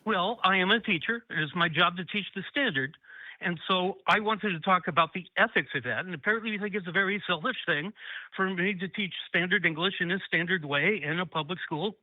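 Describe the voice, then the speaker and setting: A man phones in to argue his case, insistent and defensive while straining to stay measured. His voice sits fairly high for a man. The line is thin, tinny and dry, like a phone call. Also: no room sound. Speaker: caller. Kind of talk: call-in debate.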